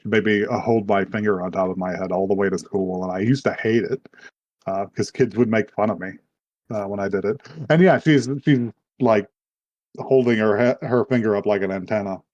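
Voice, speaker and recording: A man's voice: lowish voice, fairly quick, darkish tone, highs cut off. A man hosting a podcast, casually recapping an anime in a rambling way, swearing and acting out the characters' lines. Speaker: podcast host.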